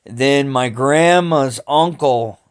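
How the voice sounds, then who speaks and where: A man talks through his family history at an unhurried pace, often stopping and restarting his sentences. His voice is smooth and clear. His speech is loose and rough, with casual swearing. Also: mid-range voice. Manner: slow, halting, with many restarts and cursing. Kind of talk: rambling family storytelling.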